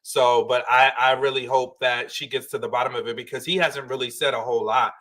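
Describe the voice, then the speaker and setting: A man's voice: medium pitch, steady tone, brisk, fairly bright tone. Thoughtful man questioning on a panel. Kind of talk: casual panel chat.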